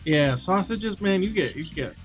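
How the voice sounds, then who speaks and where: Lively laughing New man. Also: high-pitched, normal speed, faint music behind. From New York. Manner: animated storytelling with lots of laughter. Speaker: game developer streaming. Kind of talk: casual chat.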